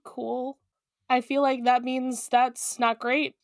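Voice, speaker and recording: A woman's voice: high voice, little pitch movement, takes it slowly, no echo, clean studio sound. A woman co-hosting a podcast episode recap in casual, giggly chat full of fillers. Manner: chatty, giggly, lots of fillers. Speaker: podcast co-host.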